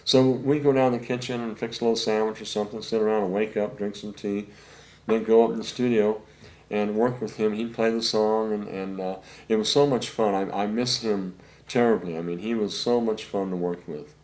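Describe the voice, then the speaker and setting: A man's voice: lowish voice, fairly even intonation, brisk, darkish tone. Older man telling studio stories. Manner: rambling anecdotes with many fillers, acts out quotes. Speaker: session saxophonist guest. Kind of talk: relaxed storytelling interview.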